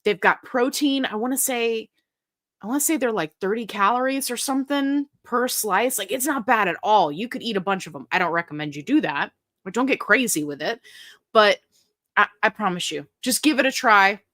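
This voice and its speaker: A middle-aged woman hosts a live question-and-answer stream, talking casually and warmly to her viewers. She reads their comments aloud and answers in a chatty, lively way. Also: fairly high pitch, normal speed. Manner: chatty and animated, reads comments aloud, breaks into silly sung bits.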